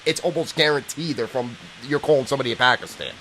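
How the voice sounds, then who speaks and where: A man's voice: medium pitch, fast talker, over a noisy crowd, low-quality recording. A man in casual chat, joking and riffing. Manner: joking, riffs on accents.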